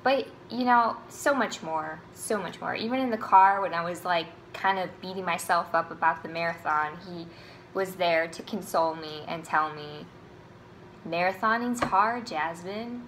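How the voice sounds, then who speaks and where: A young woman recapping her race in a casual vlog, chatty and animated, swearing and laughing freely. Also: fairly low pitch, normal speed, a little hiss or hum, rough recording. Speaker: running vlogger.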